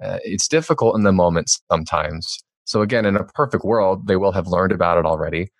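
A man's voice: deep voice, brisk, no echo, clean studio sound. A man, an author and podcast guest, talking candidly and reflectively in a conversational interview. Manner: candid, reflective, animated when acting out quotes.

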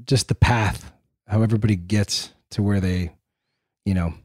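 A man's voice: on the low side, steady tone, moderate pace, darkish tone, dry recording, studio quality. A man co-hosting a casual interview, upbeat and easygoing as he sums up the conversation. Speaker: podcast co-host.

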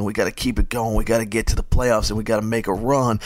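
A man's voice: fairly low pitch, normal speed, pauses often, no room sound. A man hosting a fantasy football radio show, chatting casually and energetically with jokes. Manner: energetic, joking, hyped-up.

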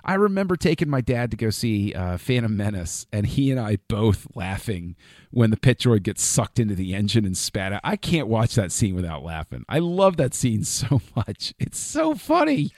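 A man with a fairly low voice chats casually on a podcast, chuckling a lot as he gets enthusiastic. He trails off and restarts his sentences. The sound is close and dry, with no room around it. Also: very animated, normal speed, darkish tone, no echo. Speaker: podcast co-host.

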